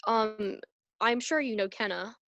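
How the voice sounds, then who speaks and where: A young woman talks on a video call, hesitant and full of fillers. Her voice sits at a middle pitch, and the sound is dry and close. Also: unhurried, a bit bright, dry recording, low-quality recording. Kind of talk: casual chat.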